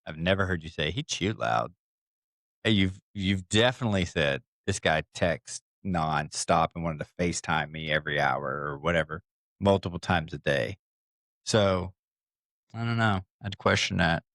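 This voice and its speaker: A man's voice: low-pitched, moderate pace, a bit bright, dry recording, clean studio sound. A man co-hosting a podcast, chatting casually and teasing his co-host as a playful devil's advocate. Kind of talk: casual chat.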